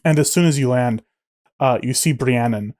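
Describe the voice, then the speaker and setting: A man's voice: medium pitch, moderate pace, darkish tone. A man running a tabletop game as game master, narrating and playing characters in an offhand, dry way.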